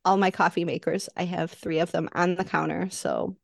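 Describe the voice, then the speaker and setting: Woman, lowish voice, relaxed storyteller, dry close mic. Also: normal speed, gravelly, dry recording. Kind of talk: casual chat.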